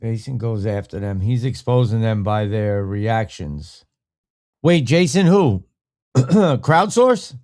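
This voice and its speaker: Male podcast host, casual live-stream chat, rambling and profane, pitch swinging widely up and down. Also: lively intonation, takes it slowly, a little mellow.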